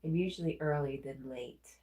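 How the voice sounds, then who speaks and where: Stuffy low-voiced Southern woman streamer. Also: normal speed, dark tone, roomy sound. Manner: chatty, reads comments aloud and answers them. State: stuffy nose. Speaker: livestream host. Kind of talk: casual chat reading viewer comments.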